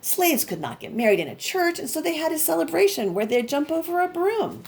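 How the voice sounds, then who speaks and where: A kind, steady old woman conductor from a storybook, read by a woman. She speaks calmly and gives careful instructions. Her fairly high voice moves up and down expressively. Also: brisk, vocal fry, exaggerated voice. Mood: calm, instructive.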